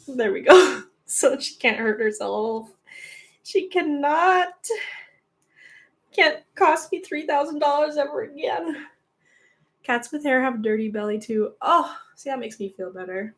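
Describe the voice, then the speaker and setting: Young woman, livestream host, casual and giggly, slightly high voice, coos at her pet. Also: moderate pace, fairly bright tone. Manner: chatty, giggly, coos baby talk at her cat.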